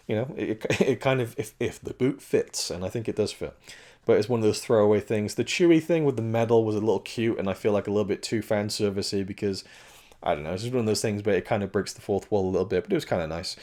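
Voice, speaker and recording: Man, low-pitched, strained cracking voice, rambling casual film review, lots of restarts. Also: fast talker, darkish tone. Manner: rambling, with frequent restarts and self-corrections.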